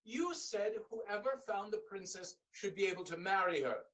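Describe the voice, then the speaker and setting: A storyteller voicing a firm, fair-minded young princess. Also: male voice, sits high, expressive, normal speed, fairly bright tone, distant mic, poor audio. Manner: firm, reproachful.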